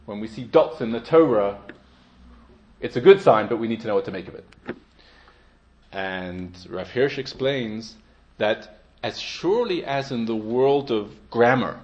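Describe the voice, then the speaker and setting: Man giving a measured Torah lecture. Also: mid-range voice, animated, darkish tone, highs cut off. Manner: measured, explanatory, rising to emphatic stresses. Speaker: Torah teacher.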